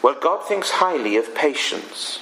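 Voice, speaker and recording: A man preaching a sermon, speaking in a deliberate way with emphatic pauses between phrases. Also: on the high side, very animated, sharp tone, a little hiss or hum, rough recording.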